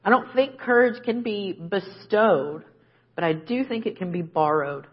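Husky woman preaching a casual sermon. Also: mid-range voice, measured pace, lo-fi sound. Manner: conversational, often adds "right?". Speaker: guest preacher.

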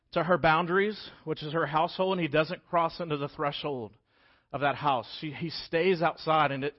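Animated pastor preaching. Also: male voice, fairly high pitch. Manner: animated, acts out scripture voices. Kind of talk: sermon. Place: church sanctuary. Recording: dull lo-fi church recording.

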